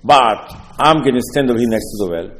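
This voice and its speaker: A man's voice: mid-range voice, a little fast, fairly bright tone. A man with preaching a sermon, telling stories with asides and rhetorical questions. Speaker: rabbi. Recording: long hall reverb.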